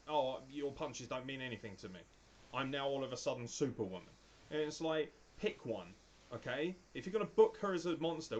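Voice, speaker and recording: A man's voice: on the high side, a little hiss or hum, low-quality recording. A young man co-hosting a wrestling review, opinionated and swearing freely in casual chat. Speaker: wrestling podcast co-host.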